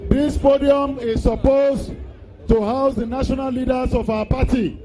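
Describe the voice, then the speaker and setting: A man's voice: very high voice, steady tone, a little slow, mellow, soft background music, some chatter behind. A man speaking from the podium of an outdoor political rally, making formal, polite requests. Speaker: party official on the podium.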